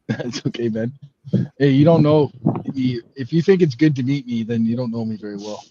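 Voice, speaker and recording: Canadian dude, chill and dry, mellow voice on a muffled mic. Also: male voice, mid-range voice, moderate pace, slightly rough. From British Columbia, Canada. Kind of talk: casual chat. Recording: dull lo-fi mic.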